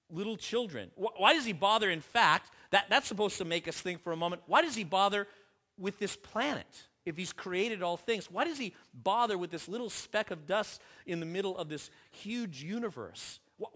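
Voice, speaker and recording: A male pastor delivering a sermon with a bright, forceful tone and a slightly high voice. He surges with intensity on repeated phrases, then drops quiet and low, stumbling over restarts as he works through scripture. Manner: impassioned preaching, rising and falling in force, with restarts.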